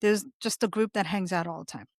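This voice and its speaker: A woman's voice: medium pitch, steady tone, a little fast, no room sound, studio quality. A woman co-hosting a podcast, talking frankly and plainly in casual chat. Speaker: podcast co-host.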